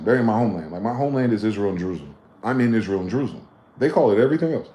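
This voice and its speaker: Late-30s male livestreamer, lowish voice, heated preachy rant, echoey room. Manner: heated, profane, preachy rant with sharp swings in loudness. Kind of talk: ranting livestream monologue. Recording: roomy echo.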